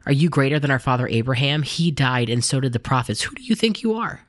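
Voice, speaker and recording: Indignant arguing crowd read by a guy, pushy, incredulous, pitch jumps up. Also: very animated, quick pace, a bit bright, no echo, studio quality. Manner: challenging, incredulous questions.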